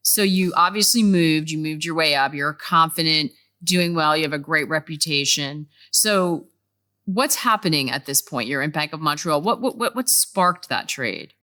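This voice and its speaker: Low, bright-voiced woman interviewer. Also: lively intonation. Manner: prompting, quick interjections. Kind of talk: conversational interview.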